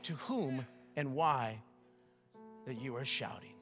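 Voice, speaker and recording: An older man preaching a sermon as pastor, lively and joking, asking the crowd questions. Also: medium pitch, slow pace, long reverb tail, faint music behind. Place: church sanctuary.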